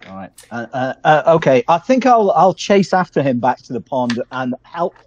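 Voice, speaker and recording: A man's voice: mid-range voice, very animated, moderate pace, a little mellow. A man playing in a tabletop role-play game, hesitating before describing his moves and speaking his character's lines. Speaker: player. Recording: dry lo-fi remote audio.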